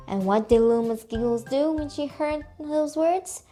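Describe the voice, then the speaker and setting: A woman's voice: high-pitched, moderate pace, hardly any pauses, dark tone, faint music behind. A woman reading a children's story aloud in a cheerful way, stopping to ask young listeners questions.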